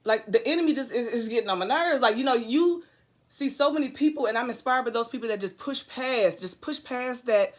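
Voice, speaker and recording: A woman's voice: a little high, lively intonation, brisk. A woman giving an earnest, preachy motivational talk to camera, hammering points home with repetition and drifting into rambling asides. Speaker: vlogger.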